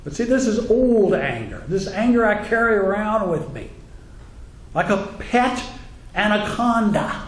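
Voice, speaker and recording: A man's voice: high voice, expressive, measured pace. A male minister giving a humorous sermon in a wry, conversational way, acting out the voices he quotes. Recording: echoey room, faint ambience.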